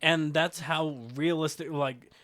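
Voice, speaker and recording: A young man co-hosting a casual film podcast, excitable and swearing, often stumbling and restarting his sentences. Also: fairly high pitch, slow pace. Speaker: podcast co-host. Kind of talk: casual film-review chat.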